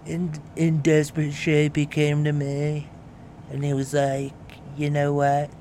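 A man's voice: fairly high pitch, completely flat delivery, measured pace, mellow, a little hiss or hum. A man doing an impression of a boastful older male ex-president, brash and self-praising.

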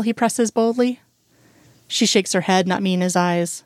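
A woman narrating a romance novel in an even, unhurried storytelling manner. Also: medium pitch, no room sound, studio quality.

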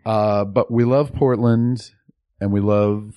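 A man's voice: fairly low pitch, steady tone, slow pace, warm tone, no room sound. Guy co-hosting a chatty movie podcast, rambly, lots of uhs, dry close sound. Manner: rambling with frequent uh fillers and restarts. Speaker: podcast co-host. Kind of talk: casual movie podcast chat.

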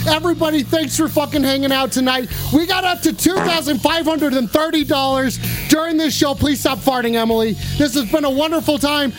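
A man hosting a live stream sign-off, excitable and swearing freely as he gives loud shout-outs. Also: extremely high pitch, a little fast, few pauses. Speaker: livestream host. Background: music.

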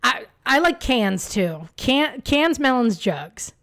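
Woman, podcast co-host, casual storytelling, animated, swears a lot, slightly high voice. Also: slow. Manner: animated, swearing, lots of fillers.

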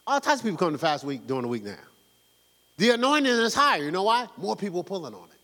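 A fervent male pastor preaching in a high, very animated voice, slangy and conversational as he exhorts his congregation. His voice rings in an echoey church hall. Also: quick pace. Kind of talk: sermon.

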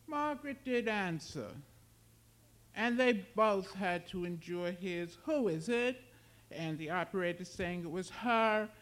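A man giving a slow, dramatic literary reading of his own fiction. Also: sits high, a bit bright. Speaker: author reading his work.

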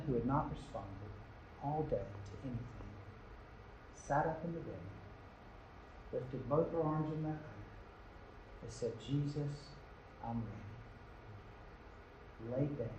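A man's voice: medium pitch, mellow. A middle-aged American man, a pastor, telling a story in an earnest, intimate, emotional sermon. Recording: roomy church reverb, faint hiss.

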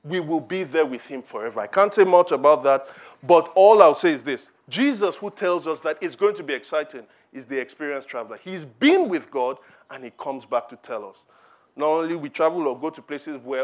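Animated preaching man, lively high voice. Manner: animated preaching, acting out quoted voices, rhetorical questions. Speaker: pastor. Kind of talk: sermon. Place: church.

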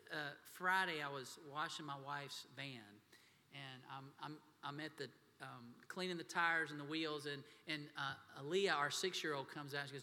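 A man's voice: a little high, pushed and bright. A man preaching a sermon as pastor, telling folksy stories and talking to the congregation as y'all. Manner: folksy storytelling, addresses crowd as y'all. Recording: long hall reverb.

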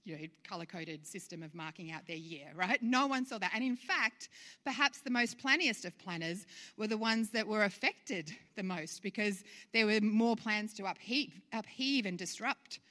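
Bright-voiced woman preaching. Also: mid-range voice, expressive, moderate pace, in a large hall. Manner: conversational, rhetorical questions, light laughs. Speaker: pastor. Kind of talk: sermon.

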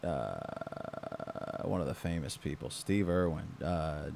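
A man in casual chat, halting with fillers, sometimes reading a story aloud. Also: rumbling low, very animated, creaky, darkish tone, slight background noise. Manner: halting, many fillers, reads news aloud.

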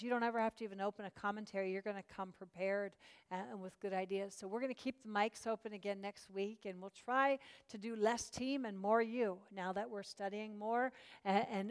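A woman's voice: mid-range voice, big-room sound. A woman teaching a Bible study class, encouraging and chatty, with many fillers and restarts.

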